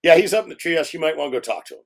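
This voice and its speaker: A man voicing a blunt, brisk British male cinematographer. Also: fairly high pitch, very animated. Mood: matter-of-fact.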